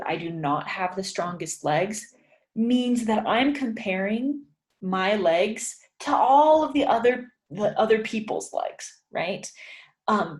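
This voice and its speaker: A woman teaching an English writing lesson, thinking aloud with many fillers and repeating example sentences slowly for learners. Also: medium pitch, roomy sound. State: yawning, sleepy. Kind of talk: casual spoken lesson, writing practice.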